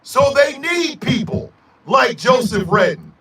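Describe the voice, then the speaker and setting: A man hosting a radio show, delivering a loud, profane, emphatic rant. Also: high voice, animated, takes it slowly, noisy background. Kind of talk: angry ranting monologue. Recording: echoey room, mic at a distance.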